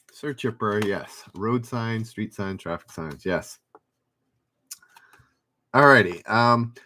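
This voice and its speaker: A man's voice: mid-range voice, pushed and bright. A man hosting a trivia livestream, reading out questions and viewers' names with dry little asides.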